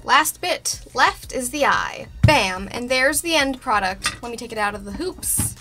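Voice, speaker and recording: A woman vlogging casually about a craft project, playful and excitable, joking to the camera. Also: on the high side, unhurried, over music.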